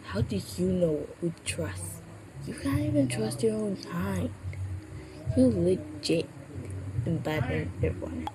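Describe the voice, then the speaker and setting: A woman doing Ice, a cold calm dragon. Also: fairly low pitch, slow. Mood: accusing. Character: calm but sometimes aggressive female dragon. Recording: steady background noise.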